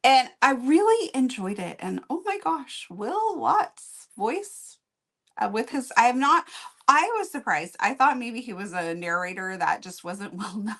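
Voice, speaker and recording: A woman co-hosting a book review stream, casually retelling a novel's plot in a relaxed way. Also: fairly high pitch, a little slow. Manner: relaxed, storytelling plot summary. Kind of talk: casual chat.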